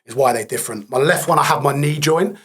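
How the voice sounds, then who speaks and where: A man as a podcast guest, telling his story candidly in a blunt, matter-of-fact way with dark humour. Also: medium pitch, quick pace, breathy edge.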